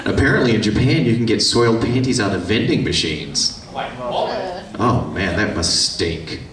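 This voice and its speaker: A man's voice: lowish voice, animated, measured pace. A man answering audience questions at a convention panel, telling irreverent, joking stories in a casual way. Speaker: voice actor, panel guest. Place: convention hall. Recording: echoey hall from far off, crowd.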